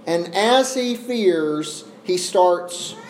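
Earnest preacher in an echoey church. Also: male voice, high-pitched, lively intonation, darkish tone. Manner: earnest, with deliberate slow pauses for emphasis. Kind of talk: expository sermon. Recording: echoey room with faint ambient noise.

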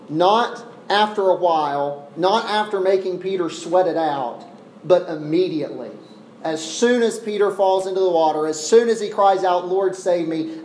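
A man preaching an expository sermon, earnest, slowing down and pausing to press each point. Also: sits high, darkish tone. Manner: earnest, with deliberate slow pauses for emphasis. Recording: echoey room with faint ambient noise.

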